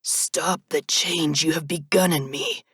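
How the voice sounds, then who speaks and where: A cold, ancient male reaper played by a woman speaks in a dry, cracked whisper. The delivery is slow, flat, and strained. The recording is dry and close. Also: deep voice, husky, dry recording, exaggerated voice. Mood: cold, insistent. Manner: monotone, slow and deliberate. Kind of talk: audiobook narration.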